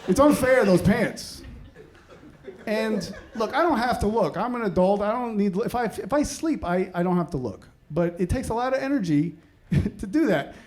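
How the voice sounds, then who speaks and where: A man in his thirties doing stand-up comedy, swinging between mumbled asides and loud outbursts. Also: sits high, lively intonation, moderate pace, a little hiss or hum. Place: comedy stage before a live audience. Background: audience laughter.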